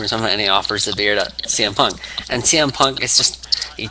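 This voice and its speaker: A man's voice: fairly low pitch, moderate pace, long pauses, very noisy. A man rambling casually through a story, full of fillers and restarts. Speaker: wrestling fan.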